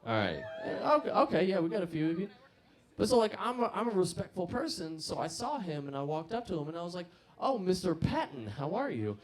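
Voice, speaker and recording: Young stand-up comic working the crowd. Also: male voice, high voice, sing-song, fast talker. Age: mid-twenties. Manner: chatty, profane, crowd-working. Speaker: stand-up comedian. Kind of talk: live stand-up comedy.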